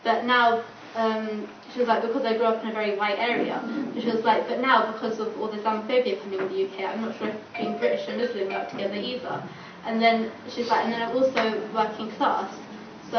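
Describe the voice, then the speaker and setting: A young woman campaigner giving a chatty panel talk, full of "like" and acted-out quoted dialogue. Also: fairly high pitch. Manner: chatty, filler-heavy, acts out quoted dialogue. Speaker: student campaigner. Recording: distant, echoey, dull and noisy room recording.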